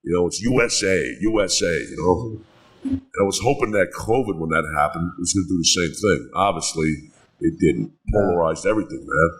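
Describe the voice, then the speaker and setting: Gravelly-sounding, low-voiced New man. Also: a little fast, low-quality recording. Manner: rambling, swears a lot, says "man" often. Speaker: bar co-owner, podcast guest. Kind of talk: casual storytelling chat.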